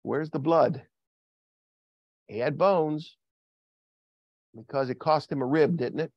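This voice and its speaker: Joking preacher, dull recording. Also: male voice, takes it slowly, no room sound. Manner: joking, asks the congregation questions, lively swings in pitch. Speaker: pastor. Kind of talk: sermon. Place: church. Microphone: video call recording.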